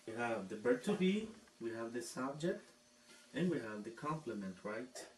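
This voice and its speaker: A man teaching an English grammar lesson, speaking deliberately and often checking in with the class. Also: medium pitch, sing-song. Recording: echoey room, distant mic, noisy background.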